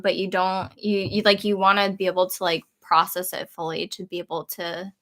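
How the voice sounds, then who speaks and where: A woman in her thirties hosting a casual livestream, relaxed and rambling with many fillers. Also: on the low side, normal speed, hardly any pauses. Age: 30s. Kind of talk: casual chat.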